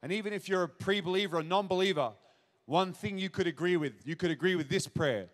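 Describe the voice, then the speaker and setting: A man preaches in a church auditorium, his voice sitting high for a man. He talks straight to the crowd with earnest conviction and pushes into emphatic questions. His words ring out with a long reverberant tail. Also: fast. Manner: earnest, direct address to audience, builds to emphatic questions. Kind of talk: sermon.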